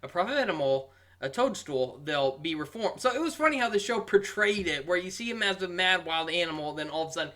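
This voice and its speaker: A young man giving a casual, rambling review, amused and full of pauses. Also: sits high, animated, sharp tone. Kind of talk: casual commentary.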